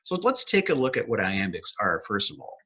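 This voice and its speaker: A man's voice: lowish voice, wildly swooping pitch, fairly quick, pushed and bright, breathy edge. A man, teaching poetry in an upbeat, explanatory way and tapping out rhythms aloud. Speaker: poet laureate teaching poetry. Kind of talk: educational video talk. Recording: dull lo-fi recording.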